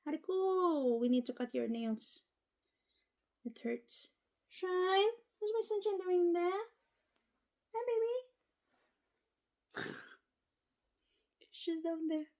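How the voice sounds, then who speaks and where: High cooing Filipino woman. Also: extremely slow, pauses often, darkish tone, rough recording. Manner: sing-song, cooing, playful. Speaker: vlogger talking to pet birds. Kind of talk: baby talk to pets.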